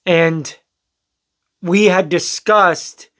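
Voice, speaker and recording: A man's voice: sits high, extremely slow, a bit bright. A young man telling a personal story in a candid, rambling way, swearing now and then and acting out what people said. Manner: candid, rambling, swears, acts out quoted lines. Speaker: storyteller vlogger. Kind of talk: casual storytelling to camera.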